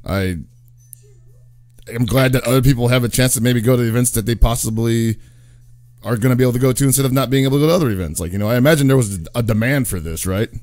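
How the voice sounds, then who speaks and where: A man co-hosting a casual gaming podcast, rambling from one aside to the next and laughing easily. His pitch sits in a middle range. The recording is dry and close, with no room echo. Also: quick pace, darkish tone. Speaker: podcast co-host.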